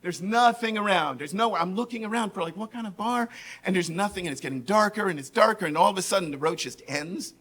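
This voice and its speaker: A man from New York with a New York accent, telling a comedic personal story on stage, animated, keeps asking the audience "right?" and throws lively voices into the people he quotes. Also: high voice, fast.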